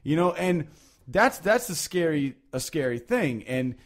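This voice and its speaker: A man hosting a podcast, talking casually and at length, with many restarts, lively emphasis and frequent swearing. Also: a little high, unhurried. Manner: rambling, animated, swears freely, many restarts. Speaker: podcast host.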